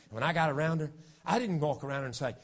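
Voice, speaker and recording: A pastor in his fifties delivers a folksy, joking sermon in a fairly high voice. He drops to quiet asides, then builds up to shouting. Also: rapid-fire. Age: 50s.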